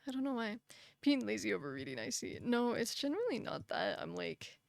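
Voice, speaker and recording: A woman's voice: a little high, big pitch swings, a little fast, creaky, dry recording. A young woman streaming live, chatting casually with her chat in a sympathetic, filler-heavy way, a little tired and out of breath. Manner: chatty, sympathetic, frequent fillers and soft laughs.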